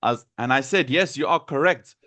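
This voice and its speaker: A man's voice: mid-range voice, moderate pace, bright, forceful tone, dry recording. A man teaching an English vocabulary lesson, patiently repeating words to model their pronunciation.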